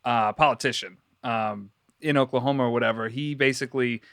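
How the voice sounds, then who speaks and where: A man's voice: medium pitch, fairly even intonation, a little fast, fairly bright tone, dry recording, studio quality. A man co-hosting a casual podcast chat, musing at length about conspiracy stories with loose, rambling phrasing. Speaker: podcast co-host.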